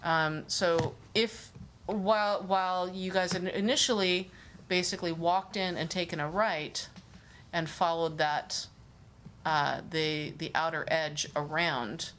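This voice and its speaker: Low-voiced woman narrating a tabletop game. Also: a little hiss or hum. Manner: relaxed, chatty narration with fillers. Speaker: game master.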